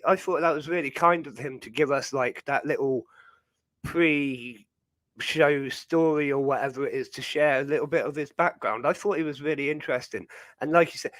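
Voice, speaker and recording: Young British male host, casual rambling chat, slightly high voice, dry close sound. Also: moderate pace, fairly bright tone, no echo. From Britain. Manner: rambling, chatty, many fillers. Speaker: livestream host.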